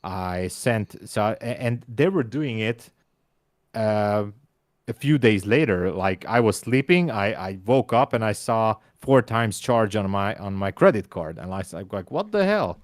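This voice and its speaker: A man's voice: fairly low pitch, unhurried, no echo, clean studio sound. A man whose first language is Hungarian, co-hosting a live trading stream in casual chat. He speaks English with a Hungarian accent, often stumbles, repeats words and laughs.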